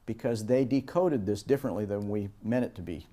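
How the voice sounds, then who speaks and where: A man teaching a course on project management, giving a lecture and bringing it to life with animated anecdotes. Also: on the low side, fairly quick. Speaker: course instructor. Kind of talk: lecture with storytelling.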